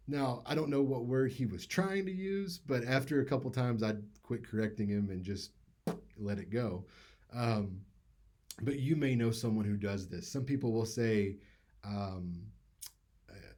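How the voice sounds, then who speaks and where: A man's voice: lowish voice, normal speed, warm tone. A man teaching public speaking in a casual, conversational lecture with many fillers.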